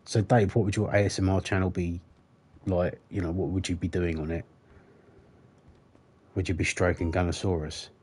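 This man streams a game and talks casually to his viewers in a low, darkish, slightly rough voice with little pitch movement. He keeps a normal speed but pauses a lot, rambling, cracking jokes he laughs at himself, and swearing frequently.

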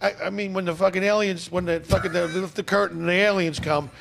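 A middle-aged male comedian talking as a guest in a casual podcast chat, ranting profanely and rambling, swinging into loud mocking outbursts. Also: high-pitched, steady tone, fast, vocal fry, slight background noise.

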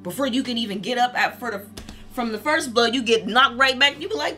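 A woman's voice: a little high, fairly quick, pushed and bright. A woman giving a casual tarot reading, candid and profane, laughing often as she talks. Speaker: tarot reader.

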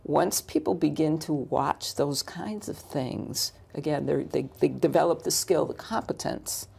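A woman speaking as a guest coach, her voice low and gravelly with a husky edge. She lays out her ideas step by step, stacking rhetorical questions as she explains. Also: a little slow, mellow. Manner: explanatory, builds points in lists and rhetorical questions. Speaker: leadership coach and author.

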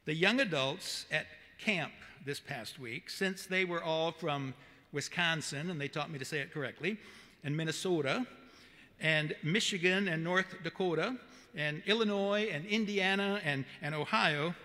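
A man with a Southern accent preaching a sermon as the pastor, earnest and measured, with emphatic repetition. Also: a little high, pushed and bright. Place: church sanctuary. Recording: long church reverb.

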